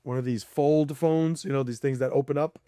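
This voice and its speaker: A man's voice: mid-range voice, steady tone, fairly quick, dark tone, clear, resonant tone, no echo, studio quality. A man speaking as a podcast guest in a casual chat, blunt and profane, laughing between points and acting out people he quotes.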